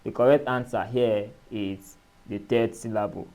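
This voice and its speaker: A man teaching an exam-prep lesson, speaking in a measured way and spelling out letters and syllables. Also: fairly low pitch, fairly even intonation, mellow. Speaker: exam tutor.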